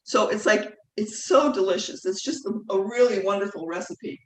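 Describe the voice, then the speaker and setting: A woman's voice: medium pitch, moderate pace. A woman teaching a live online cooking class from her kitchen, talking in a chatty, rambling way full of fillers and self-corrections. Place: home kitchen. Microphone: video call mic at a distance. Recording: echoey kitchen, distant mic, faint noise.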